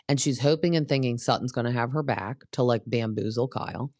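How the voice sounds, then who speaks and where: A woman's voice: a bass voice, brisk, darkish tone, dry recording. Chatty opinionated young woman, dry sound. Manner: chatty, opinionated, acts out quotes. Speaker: podcast host recapping reality TV. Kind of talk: casual chat.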